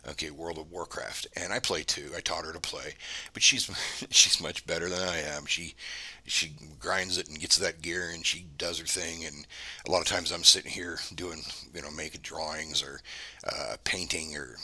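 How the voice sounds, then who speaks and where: A man's voice: very deep voice, steady tone, moderate pace, pushed and bright, husky. A man, the host of his own channel, telling a story to camera in a casual, meandering way with frequent restarts. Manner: meandering, conversational, many restarts.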